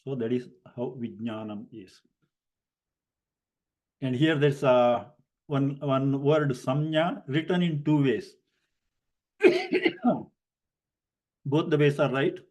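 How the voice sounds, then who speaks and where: A man teaching a Sanskrit grammar class online, explaining slowly and deliberately with many fillers and spelling out syllables letter by letter. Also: medium pitch, a little mellow. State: coughing at times.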